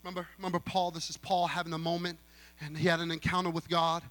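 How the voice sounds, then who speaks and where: A male guest pastor preaching to a youth convention, animated, acting out dialogue and talking straight to the crowd. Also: fairly high pitch, fast talker. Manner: animated, acts out dialogue, talks straight to the audience. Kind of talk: sermon.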